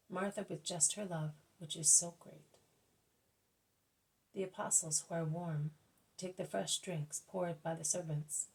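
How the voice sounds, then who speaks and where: A woman reading a devotional book aloud at a careful, measured pace, now and then correcting herself. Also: lowish voice, creaky, darkish tone, poor audio. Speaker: audiobook reader.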